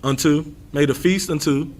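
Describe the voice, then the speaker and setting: A man's voice: fairly high pitch, moderate pace, a little mellow. A man leading an informal Bible lesson, emphatic and repetitive, calling on readers by title. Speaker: scripture teacher.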